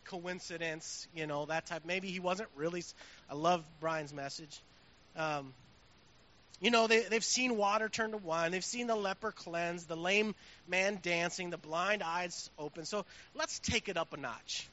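A man's voice: sits high, a little slow, bright, forceful tone. A man preaching a sermon as pastor, conversational with swelling emphasis, on a dull recording with faint hiss.

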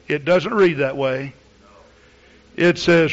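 A man's voice: medium pitch, expressive, unhurried, long pauses. A man preaching a sermon as pastor, talking plainly with the congregation and building to fervent outbursts. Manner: conversational preaching that builds to loud, fervent exclamations. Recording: dull lo-fi recording.

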